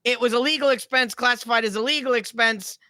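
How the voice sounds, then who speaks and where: A man's voice: very high-pitched, steady tone, fast, pushed and bright, dry recording, clean studio sound. A man voicing a sarcastic, opinionated male puppet who co-hosts political commentary banter.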